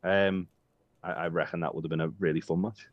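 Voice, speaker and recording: A man's voice: deep voice, steady tone, fairly quick, dry recording. A man co-hosting a casual podcast, rambling and joking with lots of swearing and filler ums. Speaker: podcast co-host. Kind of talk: casual chat. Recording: dull dry lo-fi sound.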